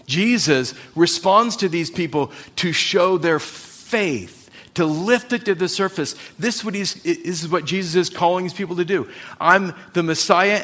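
A man preaching a sermon, retelling stories and acting out the quoted voices, slowing down on the key lines. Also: medium pitch, fairly bright tone. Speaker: pastor.

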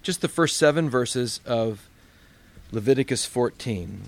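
A man's voice: mid-range voice, animated, normal speed, gravelly, no echo. A man preaching a sermon as pastor, in a conversational, plainspoken storytelling way.

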